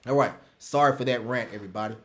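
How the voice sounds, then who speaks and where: A man's voice: mid-range voice, rapid-fire, echoey room. A man teaching an online trading class on a live webinar, emphatic and repetitive, calling out to everybody. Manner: emphatic, rants loudly then drops to soft asides. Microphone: computer mic on a video call.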